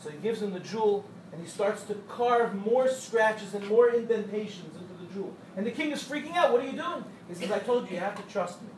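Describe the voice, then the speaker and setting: A high-pitched man leads a storytelling Torah class, voicing the people in his parables and joking with his listeners. He sounds distant, in an echoey room with a faint hum behind him. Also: fairly quick, hardly any pauses. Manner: animated storyteller who acts out quotes and jokes with the audience. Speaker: Torah teacher addressing young women.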